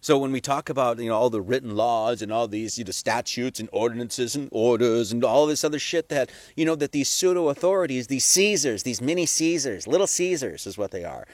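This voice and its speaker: A man's voice: medium pitch, expressive, a little fast, hardly any pauses, no room sound. A man giving a casual, conversational sermon, full of rhetorical questions and profane asides. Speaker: preacher.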